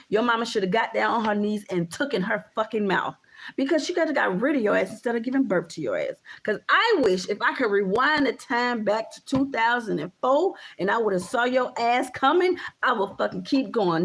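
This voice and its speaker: A woman in her thirties ranting casually to camera as a vlogger, emphatic and repetitive, with frequent swearing. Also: a little high. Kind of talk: casual vlog rant.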